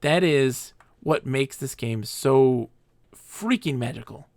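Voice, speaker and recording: Rambling game streamer, dry close mic. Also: male voice, mid-range voice, slow, a little mellow, dry recording. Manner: enthusiastic, rambling, laughs often. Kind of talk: live game stream commentary.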